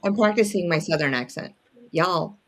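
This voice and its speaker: A woman's voice: mid-range voice, lively intonation, moderate pace, very noisy. A woman chatting on a video call, playful and teasing, cooing over her pet. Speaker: regular guest in the chat. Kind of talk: casual chat.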